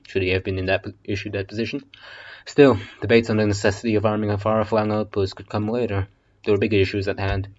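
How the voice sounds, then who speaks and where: Man, casual audiobook reader, low voice, joking and cursing, lo-fi muffled audio. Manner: swearing, joking asides. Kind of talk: casual audiobook reading with asides. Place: basement.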